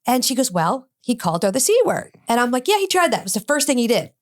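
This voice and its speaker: A middle-aged woman with a slightly high voice tells a story in a podcast interview. She acts out both sides of each exchange with brash, profane energy. Her delivery is blunt and confident throughout. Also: quick pace. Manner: animated storyteller acting out both sides of dialogue, frequent cursing. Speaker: addiction specialist guest.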